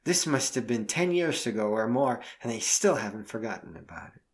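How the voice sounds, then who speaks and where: A man telling a spooky-season anecdote as a storyteller, expressive and drawn out, slowing down for effect. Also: mid-range voice. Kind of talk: spoken anecdote told as a story.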